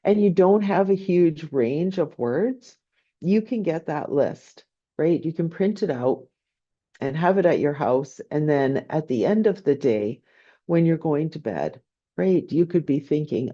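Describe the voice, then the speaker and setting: A woman's voice: low-pitched, animated, unhurried, mellow, dull audio. A woman business professor giving a conversational online lecture, often checking in with "right?". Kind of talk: online lecture answering questions.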